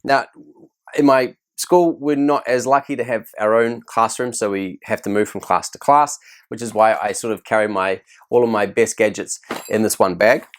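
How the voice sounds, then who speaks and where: A man's voice: lowish voice, moderate pace. A man, a teacher giving classroom tips to camera in a chatty, self-deprecating way. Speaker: teacher and video host.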